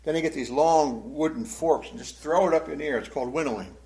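Male pastor, Bible teaching sermon, slightly high voice, emotive, loud then hushed. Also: fast, poor audio. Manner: emotive, swinging between loud emphasis and hushed sadness.

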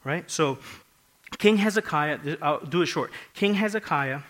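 A man preaching a sermon, emphatic, repeating phrases and swinging between hushed and loud passages. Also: a little high, expressive, unhurried, rough recording.

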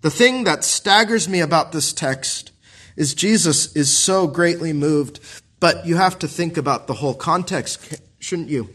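High-voiced earnest male preacher. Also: lively intonation, a little slow, a bit bright, husky. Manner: earnest, pastoral, asks the listeners rhetorical questions. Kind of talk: sermon.

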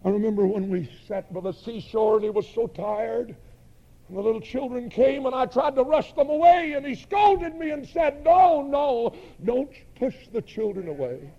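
A man's voice: very high-pitched, animated, normal speed, creaky, warm tone, lo-fi sound, voice pushed up, exaggerated voice. A man voicing a remorseful male disciple who begs forgiveness in an anguished, pleading way. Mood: wistful.

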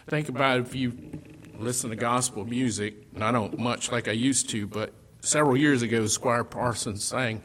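A man preaching a sermon, swinging between loud declarations and hushed, almost whispered lines, with slow, deliberate phrasing. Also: medium pitch.

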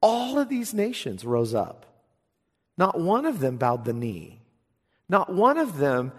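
A man preaching a sermon as pastor, animated, swinging from hushed asides to emphatic declarations. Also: a little high, takes it slowly, slightly rough, in a large hall.

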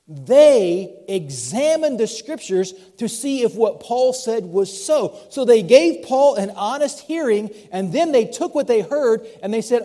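A man's voice: high-pitched, mellow. A male pastor with a mixed Southern US accent, preaching a sermon in a church in a conversational way with light asides. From Southern United States. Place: church sanctuary.

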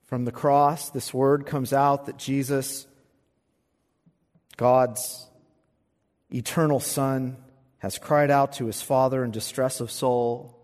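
A man preaching an expository sermon, swinging from quiet, low asides to loud, fervent recitation of scripture. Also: fairly even intonation, takes it slowly, long pauses. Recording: long hall reverb.

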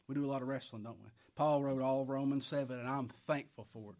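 Country preacher from Kentucky, folksy, keeps asking the congregation questions, booms on the verses. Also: male voice, steady tone, quick pace, hardly any pauses. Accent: Appalachian Kentucky. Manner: folksy, asks the congregation rhetorical questions, rises loud on scripture. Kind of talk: sermon.

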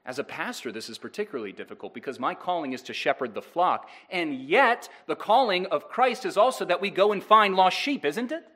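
A man's voice: high voice, expressive, a little fast, few pauses, a bit bright. A male pastor preaching a sermon, earnest and direct, putting rhetorical questions to his congregation.

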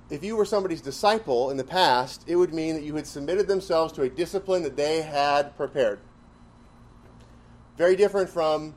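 A man's voice: on the high side, darkish tone. A man teaching a Bible class, who repeats key phrases for emphasis and puts questions to the class.

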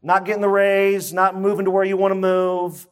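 A man with a fairly high voice preaches to his church. He talks in an emphatic, conversational way and keeps turning to the listeners with rhetorical questions. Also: level tone, normal speed, clear, resonant tone. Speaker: pastor. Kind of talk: sermon.

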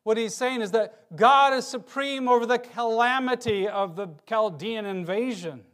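Male pastor, high-pitched voice, expressive sermon, loud emphasis then quiet stretches. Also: moderate pace. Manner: expressive, swings between loud emphasis and quiet low passages; reads scripture aloud.

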